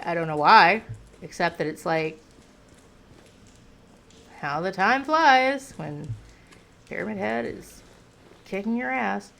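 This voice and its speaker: A woman doing gameplay commentary who shouts frantic commands at her character, swears a lot, and talks calmer and self-deprecating between fights. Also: fairly low pitch, gravelly.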